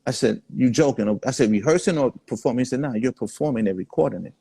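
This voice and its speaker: A man's voice: mid-range voice, lively intonation, quick pace, creaky, dark tone, husky, no echo. A man, the guest in a casual interview, telling laid-back stories full of quoted dialogue. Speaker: guest artist.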